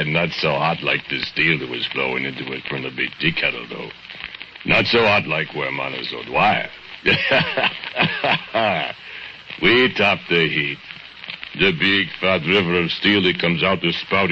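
An actor playing a menacing, drunken male foundry laborer who speaks broken English in a slow, gloating murmur, in 1940s radio acting. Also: very deep voice, expressive, pushed and bright, slight background noise, full character voice. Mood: brooding. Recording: lo-fi old radio broadcast with music.

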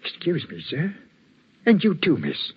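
This is a husky, rough-edged voice with a lively, wandering pitch, a deferential village greengrocer who says "sir" a lot. It comes from a dull, old radio drama recording. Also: male voice, a little slow, exaggerated voice. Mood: uneasy. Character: chatty working-class village greengrocer, bell-ringer. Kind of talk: 1940s radio acting.

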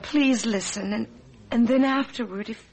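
A woman's voice: fairly high pitch, moderate pace, a little mellow, close to an everyday voice. A woman playing an earnest, haunted ageless girl. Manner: earnest and pleading. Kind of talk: vintage radio drama acting.

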